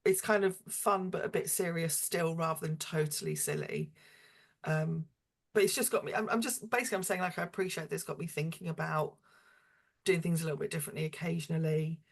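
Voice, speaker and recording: Hesitant thoughtful woman, lowish voice. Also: steady tone, fairly quick, gravelly. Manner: thoughtful, hesitant, many fillers. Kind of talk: casual online panel chat.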